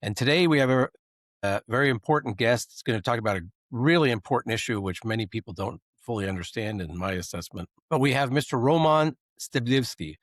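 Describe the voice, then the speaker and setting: A man's voice: mid-range voice, lively intonation, a little fast, no room sound, studio quality. A man hosting a podcast in a joking, conversational way, often restarting his sentences. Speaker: podcast host. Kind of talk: casual podcast chat. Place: Washington, D.C.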